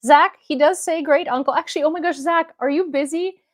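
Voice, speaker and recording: Excitable rambling young woman host. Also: high voice, fairly quick, no room sound. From Ukraine. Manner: excitable, rambling, many restarts. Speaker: host and independent reporter. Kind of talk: livestream commentary chat.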